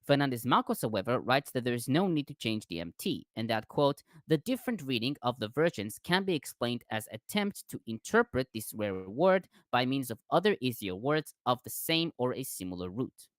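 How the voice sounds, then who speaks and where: A man's voice: mid-range voice, normal speed, few pauses, no echo, studio quality. A man hosting a discussion, carefully reading out scholarly commentary. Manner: careful reading with lively intonation.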